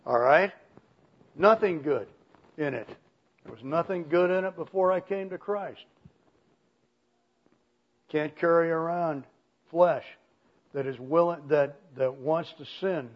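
A man preaching an expository sermon, speaking emphatically and pushing his voice up in pitch and volume to stress key points. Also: measured pace, lo-fi sound.

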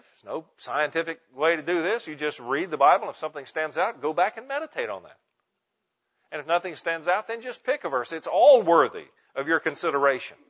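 A man preaching with emphatic, deliberate stress, leaning hard on single words. His voice sits a little high for a man. The recording is slightly muffled and lo-fi. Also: fairly bright tone. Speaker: preacher teaching pastors. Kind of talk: sermon teaching on Bible meditation. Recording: muffled lo-fi sound.

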